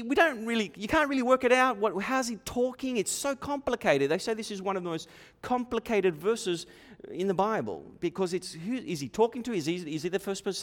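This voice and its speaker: A man preaching a sermon, animated, repeating himself and acting out quoted voices. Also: high-pitched. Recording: long hall reverb.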